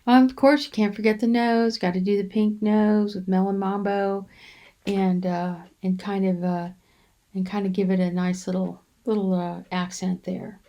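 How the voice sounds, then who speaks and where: A woman hosting a crafting channel, talking through a coloring demonstration in an unhurried, rambling way with frequent ums and restarts. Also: medium pitch, level tone, dark tone. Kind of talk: relaxed coloring demonstration voice-over.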